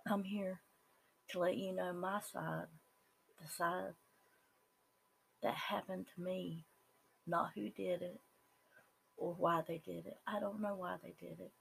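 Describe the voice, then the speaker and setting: A speaker with a Southern US accent gives an earnest, halting personal testimony, with some words dropping to a whisper. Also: medium pitch, steady tone, creaky, a bit bright, slight background noise, rough recording. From Southern United States. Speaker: person sharing their life story.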